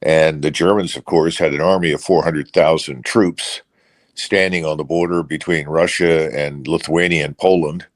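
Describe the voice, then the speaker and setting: A man with a very low voice talks through political analysis as an interview guest. He speaks unscripted and measured, pausing on fillers and restarting phrases as he thinks. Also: steady tone. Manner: measured, with many hesitations and restarts.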